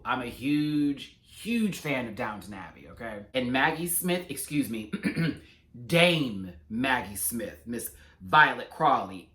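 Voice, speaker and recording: A man giving a casual, sassy episode recap and review with animated, slangy asides. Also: mid-range voice, moderate pace. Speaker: reality TV reviewer. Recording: roomy echo.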